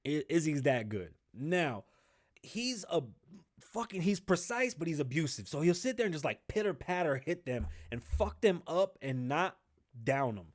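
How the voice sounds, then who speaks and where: A man hosting a podcast alone, ranting casually and profanely in animated commentary. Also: fairly high pitch, moderate pace. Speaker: podcast host.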